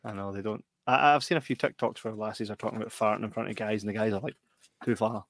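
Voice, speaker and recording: A man's voice: on the low side, rapid-fire, vocal fry, fairly bright tone, no room sound, studio quality. A middle-aged man with a Scottish accent, co-hosting a casual podcast chat and telling stories with plenty of laughs. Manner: chatty, laughing storyteller. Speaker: podcast co-host.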